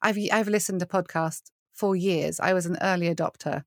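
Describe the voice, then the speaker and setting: This British worship leader, middle-aged and appearing on a podcast interview, speaks at normal speed in a fairly low voice. The sound is studio quality with no room sound. Her stories come alive with frequent laughter and acted-out quoted voices.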